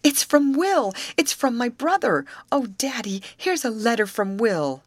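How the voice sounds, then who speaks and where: Eager teenage girl played by a woman reader, breathless, raised higher voice, storybook reading. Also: expressive, unhurried, dry recording. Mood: overjoyed. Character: eager teenage girl, devoted to her brother.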